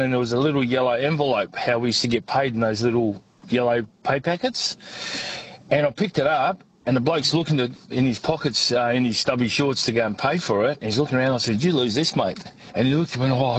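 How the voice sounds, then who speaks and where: A man's voice: mid-range voice, poor audio. Australian bloke in his fifties calling a radio show, faint noise behind him on the line. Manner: blokey yarn-teller, laughs at himself. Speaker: caller.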